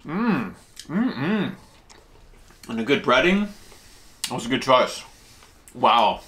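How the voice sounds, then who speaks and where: A man with a bright, forward tone hosts a casual food vlog. He chats between bites, explaining the dishes in a relaxed, talkative way. His pitch leaps up and down as he reacts to the flavors. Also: measured pace. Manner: chatty, explains Japanese food terms while tasting; eats while talking, with lively jumps in pitch. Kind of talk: casual food-tasting chat.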